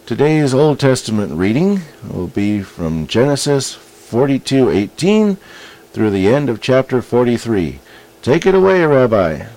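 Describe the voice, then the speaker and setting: A man's voice: medium pitch, sing-song, a little slow, poor audio. A man doing a lilting otter pastor host. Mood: welcoming. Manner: bright, lilting host patter. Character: upbeat otter pastor, male, show host.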